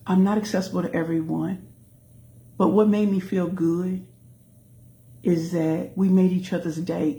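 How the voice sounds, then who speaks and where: A woman hosting a casual live stream as a pitch coach, greeting viewers by name and calling out to the audience as y'all. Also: a little mellow. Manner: folksy, addresses the audience as y'all.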